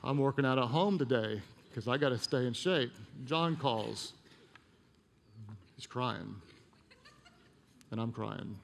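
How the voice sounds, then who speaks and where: Male pastor, sermon delivery, gravelly texture, hushed storytelling lows, long church-hall reverb. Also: slow, long pauses, a little hiss or hum. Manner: storytelling, drops to a hushed voice for emotional moments. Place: church auditorium.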